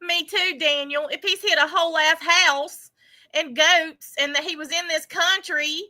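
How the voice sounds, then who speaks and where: High-pitched woman, super sarcastic, fake-sad and theatrical, very bright sharp tone. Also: steady tone, measured pace. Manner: exaggerated, theatrical, Southern-flavored phrasing. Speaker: commentary creator. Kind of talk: sarcastic mock-lament monologue.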